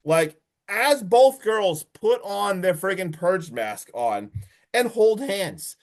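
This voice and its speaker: Podcast co-host, male, slightly high voice, animated and profane, rambling recap. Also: slow. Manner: excited, swears a lot, many fillers. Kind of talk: casual movie recap.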